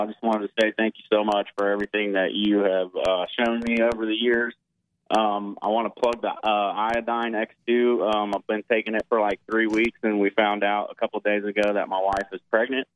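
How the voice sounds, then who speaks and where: A man's voice: lowish voice, no room sound. A man from Georgia calling into a radio show, eager and hesitant, full of ums and uhs, over a phone line. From Georgia, USA. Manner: hesitant, filler-heavy, eager. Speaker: caller. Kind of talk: call-in radio chat.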